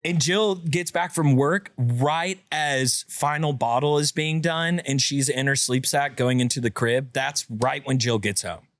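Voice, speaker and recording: A man hosting a podcast in casual chat, joking and chiming in quickly. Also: no room sound. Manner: jokey, quick interjections, lively pitch. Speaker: podcast host.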